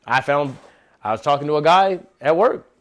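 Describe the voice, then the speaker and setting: A man giving a casual devotional talk at a church gathering, slangy and animated, often calling listeners bro. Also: a little high, moderate pace. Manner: animated, acts out quotes. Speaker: lay speaker at a church gathering.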